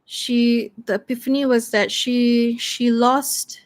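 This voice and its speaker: A woman talks herself through a solo tabletop game, pausing and restarting as she reads her cards. She speaks slowly in a slightly high voice. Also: steady tone. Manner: hesitant, thinking aloud.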